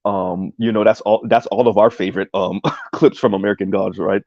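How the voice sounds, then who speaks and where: Low, gravelly male streamer: loose, rambling talk, reads chat aloud, full of "um" and "right?", on a dull lo-fi mic. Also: steady tone, fairly quick, a little mellow, dry recording. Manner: rambling, many "um"s and "right?" tags. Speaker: streamer reacting to a video essay. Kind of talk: casual livestream commentary, reading chat.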